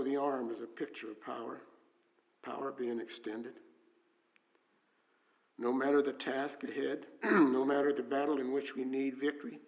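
A man's voice: mid-range voice, vocal fry, darkish tone. Man preaching in a reverberant church. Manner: earnest, reads scripture aloud, frequent fillers and restarts. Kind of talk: sermon. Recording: long hall reverb.

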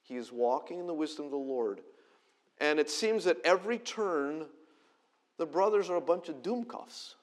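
Animated, conversational middle-aged pastor. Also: male voice, a little high, normal speed. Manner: conversational, animated, self-deprecating. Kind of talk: sermon.

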